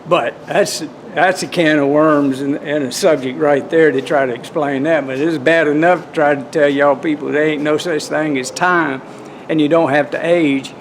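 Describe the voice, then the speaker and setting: A man's voice: a little high, slight background noise. A man with a Southern US accent tells a personal story and shares his spiritual views in an earnest, folksy, rambling way, filming himself outdoors on a handheld camera. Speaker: vlogger. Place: outdoors in cold wind. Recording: background music under the voice.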